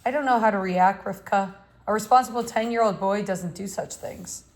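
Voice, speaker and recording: A woman's voice: mid-range voice, normal speed, close to an everyday voice, rough recording. A woman reading the part of a stern, worried father who scolds his young son. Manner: agitated, scolding.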